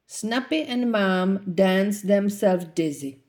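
Lady reading a kids storybook really slowly, lower voice but swoops all over. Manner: slow, expressive. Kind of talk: reading a children's storybook aloud.

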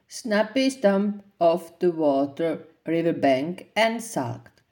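Lady reading a kids storybook really slowly, lower voice but swoops all over. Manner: slow, expressive. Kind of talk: reading a children's storybook aloud.

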